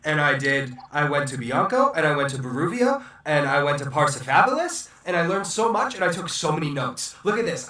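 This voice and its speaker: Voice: mid-range voice, a bit bright, recorded from a distance, close to an everyday voice. An eager, devoted sheep-genie chatters away about everything it has learned, as a player voices it. It is recorded in an echoey room, away from the mic.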